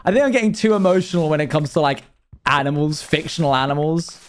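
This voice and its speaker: Chatty young man streaming, slightly high voice. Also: expressive, fast talker, slight background noise. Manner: rambling, laughing, self-deprecating storytelling. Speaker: live streamer. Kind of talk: casual chat with stream chat.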